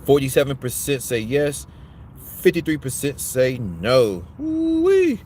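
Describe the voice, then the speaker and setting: A man holding forth as a commentary host, blunt and profane, with a preachy streak. His voice sits at an ordinary middle pitch. There is a faint hum of noise under him. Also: lively intonation, a little slow, darkish tone. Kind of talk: opinionated commentary rant.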